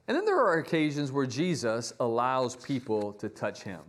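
A man's voice: mid-range voice, big pitch swings, moderate pace, hardly any pauses. A middle-aged man preaching a sermon as a pastor, telling stories with animation and acting out quoted lines in shifting voices.

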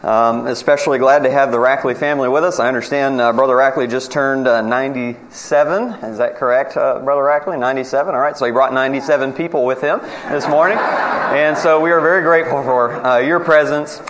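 A man preaching a sermon to his congregation, earnest, moving from brisk announcements to slow, emphatic scripture reading. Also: medium pitch, fairly even intonation, a bit bright.

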